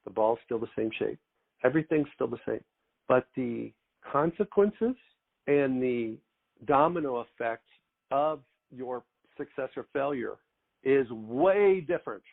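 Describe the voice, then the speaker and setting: A middle-aged man hosts in a measured way, building up long questions step by step. His voice is gravelly, with a mid-range pitch. It comes through a tinny, phone-like line. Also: expressive. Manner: deliberate, long wind-up questions. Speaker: podcast host. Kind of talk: interview questions.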